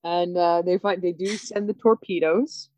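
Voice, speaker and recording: A woman's voice: fairly low pitch, normal speed, no room sound. Laughing woman recapping an episode. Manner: animated, laughs often, acts out lines. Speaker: podcast co-host. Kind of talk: casual episode recap chat. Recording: dull, dry sound.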